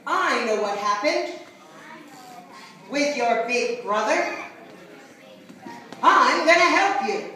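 A woman voicing a big helpful male giant, speaking slowly and deliberately. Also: high-pitched, animated, sharp tone, a little hiss or hum, heavily acted. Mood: kindly. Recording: echoey live room, far mic, instrument music.

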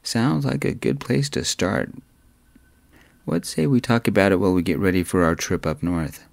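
A man voicing a gentle, adventurous young man in a spoken story, talking softly and kindly. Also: deep voice, moderate pace, vocal fry, no echo.

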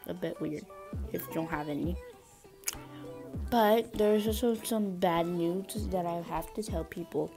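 Chatty woman talking around a braces appliance. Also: medium pitch. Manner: chatty, restarts and corrects herself often. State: talking around something in her mouth from braces. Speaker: gaming video creator. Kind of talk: casual game review vlog.

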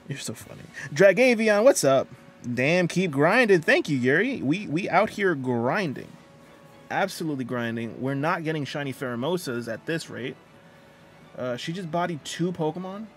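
Chatty male game streamer, slightly high voice. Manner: chatty, greets viewers and reads chat aloud. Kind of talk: casual live-stream chat.

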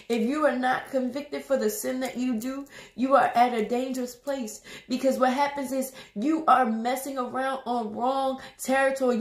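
A high-voiced woman preaches through tears, her words breaking as she exhorts her listeners and circles back over the same phrases. She is recorded in an echoey room. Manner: emotional, repetitive, exhorting. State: crying. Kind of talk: tearful spoken testimony.

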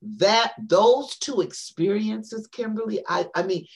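A woman, a poet and author, telling a long personal story on an interview show in a rambling, animated way, full of fillers and restarts. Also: medium pitch, normal speed, hardly any pauses, slightly rough.

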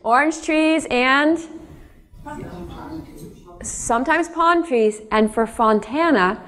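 A woman's voice: high-pitched, takes it slowly. Chatty woman author telling family stories. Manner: chatty, addresses audience directly, animated asides. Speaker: author giving a lecture. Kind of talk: public lecture, storytelling.

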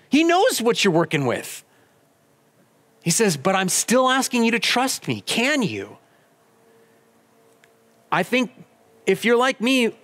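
A male pastor preaches to his church, weaving a personal story into the sermon. He speaks in a fairly high voice that swings widely in pitch as he acts out each person in the conversations. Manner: animated storytelling, acts out both sides of conversations. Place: church auditorium.

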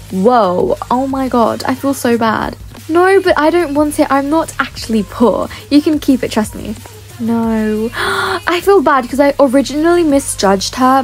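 A bubbly young woman with a bright, high voice chats excitedly to her viewers while she plays, gasping and gushing between lines. Faint music sits under her casual commentary. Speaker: gaming YouTuber.

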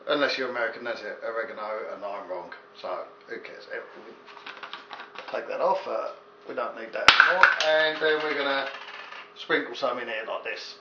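A man's voice: mid-range voice, moderate pace. Jokey English man cooking at home. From England. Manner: jokey, chatty, rambling asides to the viewer. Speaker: home cook. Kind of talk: casual cooking demonstration. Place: home kitchen. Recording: echoey, dull lo-fi with faint hiss.

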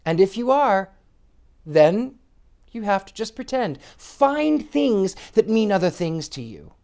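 A man's voice: high voice, very animated, slow pace, darkish tone. A man, a psychic, speaking earnestly in a reflective monologue, with frequent restarts. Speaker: psychic sharing personal reflections.

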